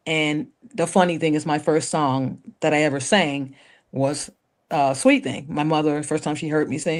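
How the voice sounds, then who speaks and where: A woman, a guest singer, chatting in an interview and telling animated stories. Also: low voice, moderate pace. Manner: animated storyteller, acts out quotes. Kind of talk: casual interview chat.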